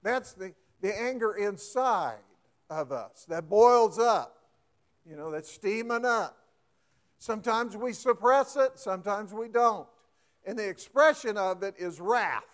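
A man's voice: high-pitched, expressive, measured pace. A man preaching a folksy sermon, often asking the congregation questions and getting emphatic.

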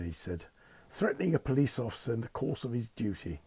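An older British man, a retired Concorde captain appearing as an interview guest, tells wry, understated anecdotes in polite British phrasing. His mid-range voice has a sing-song lilt, a dark tone and a breathy edge, and he speaks at a quick pace.

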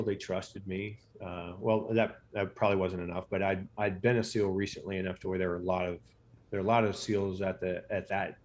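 A middle-aged American physician, a guest in an interview, tells stories in a low, darkish voice with slight background noise. His casual telling rambles, with many fillers and restarts.

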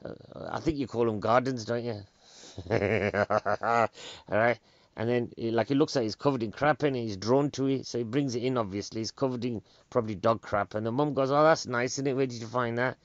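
Sarcastic ranting British comedian, lo-fi. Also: male voice, medium pitch, moderate pace, dry recording. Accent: British English. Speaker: stand-up comedian. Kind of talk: casual comedic monologue. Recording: dull, dry lo-fi recording.

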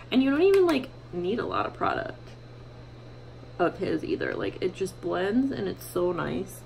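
Chatty young woman, lowish voice. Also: wildly swooping pitch, moderate pace, creaky, darkish tone, slight background noise, poor audio. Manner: chatty, many fillers, self-mocking. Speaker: beauty vlogger. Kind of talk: casual makeup tutorial chat. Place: home bathroom.

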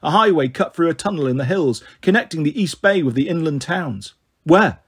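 A man reading a novel aloud in a steady storytelling voice, giving the characters their own voices. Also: a little high, fairly quick, slightly rough. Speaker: audiobook reader.

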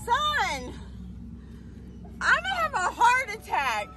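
Woman, high voice, unhurried, giggly dog owner, phone vlog. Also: sing-song, over loud music. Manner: giggly, coos high at her dogs. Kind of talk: casual vlog chat.

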